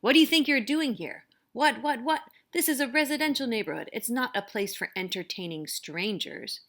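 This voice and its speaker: A woman voicing an angry male landlord in a storybook read-aloud, shouting indignantly. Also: mid-range voice, lively intonation, fairly quick. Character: angry bearded male landlord, later softened.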